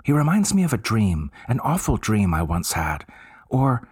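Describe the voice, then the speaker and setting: A man voicing a teasing, lively young woman who models for a painter, in a raised voice. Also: fairly low pitch, normal speed, breathy edge, no room sound, clean studio sound, voice pushed up, full character voice. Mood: dreamy.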